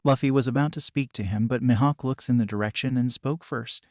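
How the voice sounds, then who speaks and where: A man narrates a fan-written adventure story in a steady, even reading voice at an ordinary pitch. The recording is dry and close, with no room sound. He reads mechanically, at times speaking the punctuation aloud. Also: fairly quick, few pauses, no echo. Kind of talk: scripted fan-fiction narration.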